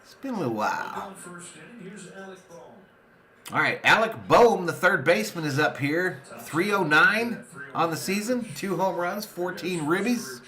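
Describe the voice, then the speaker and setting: A man hosts a live fan watch party and does his own excited play-by-play. Between pitches he reads viewer comments aloud. His voice sits a little high and sounds bright and forward. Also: unhurried, long pauses. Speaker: sports fan streamer and watch-party host.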